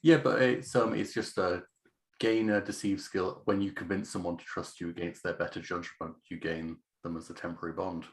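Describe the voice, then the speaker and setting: Man, very deep voice, tabletop player, asks about rules, casual. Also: little pitch movement, normal speed.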